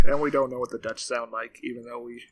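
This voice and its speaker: A man's voice: mid-range voice, fairly even intonation, brisk, sharp tone. A man co-hosting a comedy TV podcast, playful and always slipping into silly bits and put-on voices. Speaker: podcast co-host. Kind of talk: casual comedic chat.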